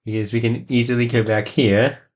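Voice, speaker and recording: Low-key man narrating gameplay. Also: little pitch movement, normal speed. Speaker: gameplay channel host. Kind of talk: casual gameplay commentary.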